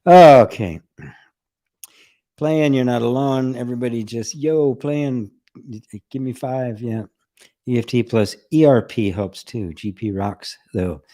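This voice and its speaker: A man giving a casual spiritual talk on a live stream, reading out viewer comments, relaxed and conversational with frequent laughs and "right?". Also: mid-range voice, slow. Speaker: spiritual teacher and host.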